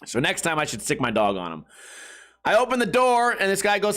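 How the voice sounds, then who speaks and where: A man's voice: high-pitched, wildly swooping pitch, brisk, a bit bright. A man hosting a podcast, rambling through a crude comedic monologue and laughing at his own jokes. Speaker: podcast host.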